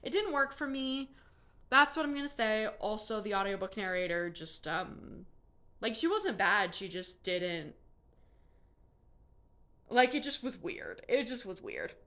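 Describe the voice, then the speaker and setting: A young woman in her twenties talks through her month of books in a loose, chatty way. Her voice is bright and lively, and she leans on fillers like "like" and "um" as she goes. Her pitch sits at an ordinary level for a woman. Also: measured pace. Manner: chatty and animated, full of "like" and "um". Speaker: book reviewer. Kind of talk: casual monthly reading wrap-up.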